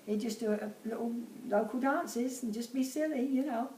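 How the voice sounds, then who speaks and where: A woman's voice: fairly high pitch, moderate pace, mellow. Elderly Cockney woman, chatty interviewee who laughs easily; distant mic in an echoey room with faint background hum. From Bermondsey, London. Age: about 80. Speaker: interviewee, host's mother. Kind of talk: casual chat. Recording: roomy, off-mic with faint ambience.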